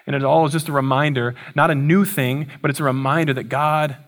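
A man's voice: on the high side, steady tone, brisk, a bit bright. Casual man preaching a sermon. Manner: casual storytelling with slangy asides. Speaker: pastor.

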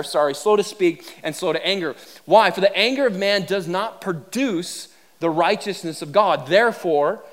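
A male pastor leading a prayer and preaching a sermon, earnest and often restarting his phrases as he builds to animated emphasis. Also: sits high.

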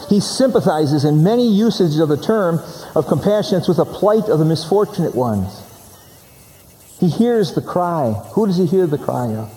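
Guy preaching a sermon, kinda high voice, repeats words for emphasis, big echoey hall. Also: mellow.

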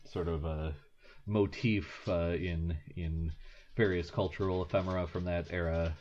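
A man's voice: low-pitched, fairly even intonation, a little slow, darkish tone, dull audio. A man co-hosting a podcast in casual chat, rambling and wry, with many fillers. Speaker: podcast co-host.

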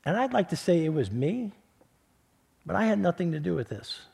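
Middle-aged pastor telling a story. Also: male voice, sits high, very animated, moderate pace, vocal fry, breathy edge. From New York. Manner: conversational, repeats words, builds then drops to a hush. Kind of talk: sermon storytelling.

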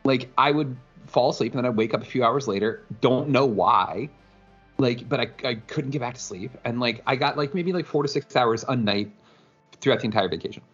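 A man with a husky, slightly raspy voice talks casually, leaning on fillers and curse words. The audio is dull and lo-fi, with faint music behind him. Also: mid-range voice, a little fast. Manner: laid-back, profane, filler-heavy. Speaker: podcast co-host. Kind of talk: casual chat.

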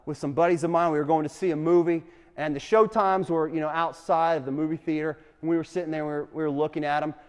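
A young adult man teaching a class, an animated storyteller who keeps asking the room questions. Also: fairly high pitch. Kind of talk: lively classroom talk with questions to students. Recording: long reverb in a hall.

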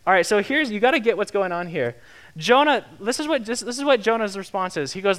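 A young man preaching a sermon in a lively, conversational way, acting out the quotes he tells. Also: high voice, fast talker, few pauses, clear, resonant tone. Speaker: pastor.

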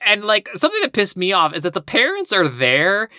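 A man with a bright, forceful voice rambles through a plot recap, full of "like" and "uh." The sound is dry and close, with no room around it. He talks in easy, casual podcast chat. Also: high voice, wildly swooping pitch, brisk, dry recording. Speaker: podcast co-host.

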